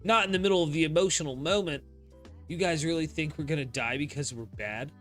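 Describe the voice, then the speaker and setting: A young man reacting live to a comic chapter. He is excitable, swears often and talks to his chat. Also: a little high, brisk, soft background music.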